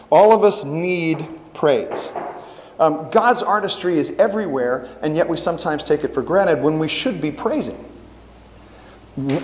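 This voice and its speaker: Middle-aged male camp preacher, animated storyteller, slightly high pitch, echoing hall. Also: a little hiss or hum. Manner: animated storyteller, acts out quotes. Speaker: camp worship speaker. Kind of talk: storytelling sermon. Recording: long hall reverb.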